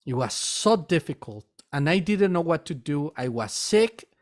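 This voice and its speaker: A man who owns a metaphysical store and teaches meditation, telling a personal story in an earnest, halting way and repeating words as he goes. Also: fairly high pitch, very animated.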